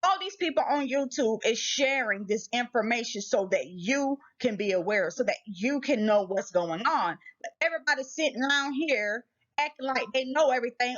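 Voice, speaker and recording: On her channel, this US-born host delivers a casual vlog of spiritual warnings in a fairly high, somewhat bright voice with lively intonation and a moderate pace. Her tone is preachy and emphatic, full of repeated rhetorical questions, and the recording sounds a little muffled and lo-fi.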